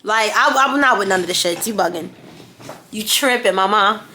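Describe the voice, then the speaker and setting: A woman's voice: medium pitch, normal speed, bright, forceful tone, slight background noise. A woman vlogger telling a story-time tale in a blunt, profane, heated way.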